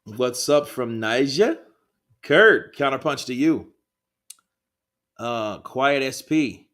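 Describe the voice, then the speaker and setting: A man's voice: mid-range voice, takes it slowly. A man hosting a live boxing stream, reading viewer comments and chatting in a rambling, laid-back way with plenty of swearing. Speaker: livestream host.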